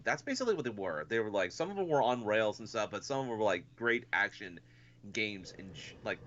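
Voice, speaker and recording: Man, low-pitched, animated, casual podcast co-host, rambling, filler-heavy, muffled lo-fi sound. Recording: dull lo-fi podcast audio.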